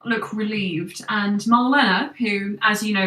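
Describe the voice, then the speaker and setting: A woman narrating a tabletop game as game master in a relaxed, chatty way. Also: medium pitch, measured pace, reverberant, recorded from a distance, soft background music, rough recording.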